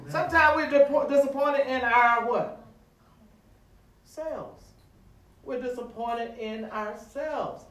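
A man preaching a sermon in a church, using call-and-response with the congregation and rising to shouts. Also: very high voice, slow pace, pauses often. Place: church sanctuary. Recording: echoey room, distant mic.

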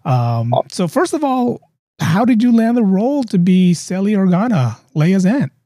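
A man's voice: high-pitched, big pitch swings, a little slow, mellow, no room sound, clean studio sound. A man hosting a live podcast interview over a video call, upbeat and chatty, often repeating himself. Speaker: podcast host.

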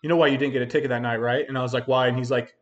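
A man's voice: medium pitch, steady tone, racing, lo-fi sound. A young man in his twenties hosting a podcast, telling a long story in a rambling, profane way full of fillers. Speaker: podcast host. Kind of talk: casual storytelling chat.

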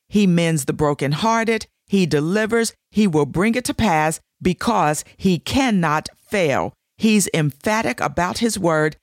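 Slow, emphatic woman preaching scripture. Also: lowish voice, no room sound, studio quality. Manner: emphatic, repetitive declarations. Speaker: devotional show host. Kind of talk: scripture teaching.

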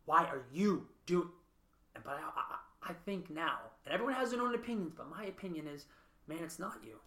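A man hosts a podcast in a casual, earnest chat, thinking out loud. His voice is bright and forceful. The sound has a roomy echo. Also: fairly high pitch, sing-song, brisk. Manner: earnest, reflective, often asks "right?". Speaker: podcast host.

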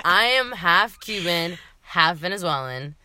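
A young woman from Miami in her twenties, co-hosting a casual chat podcast, talking fast, swearing and laughing often. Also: on the low side, lively intonation, pushed and bright, smooth, dry recording. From Miami, Florida. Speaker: podcast co-host.

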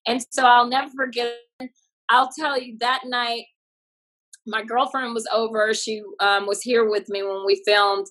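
A woman comedian from Texas telling stories in a casual interview, animated and expressive. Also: a little high, measured pace, poor audio. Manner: animated, expressive, laughs often. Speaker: comedian guest.

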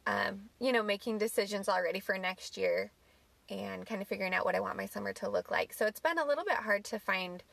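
Woman, co-host, casual chat, easygoing, gravelly, dry sound. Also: mid-range voice, brisk, fairly bright tone, dry recording.

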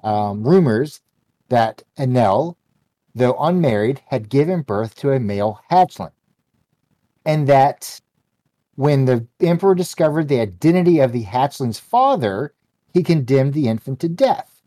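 A man's voice: medium pitch, big pitch swings, unhurried, mellow, no room sound. A man co-hosting a podcast, reading a comic aloud in casual chat, rambling and joking with many ums and restarts. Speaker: podcast co-host.

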